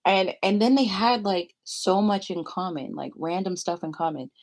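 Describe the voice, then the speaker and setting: A young woman vlogger spins a casual storytime, rambling through tangents and quick to giggle. Her voice sits a little low for a woman, relaxed and conversational.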